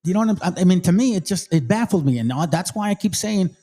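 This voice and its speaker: A man's voice: high-pitched, lively intonation, fast talker, heavy background noise. A middle-aged man from Mexico, hosting a channel and commenting emphatically on a played debate clip in a casual, preachy street manner. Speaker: channel host.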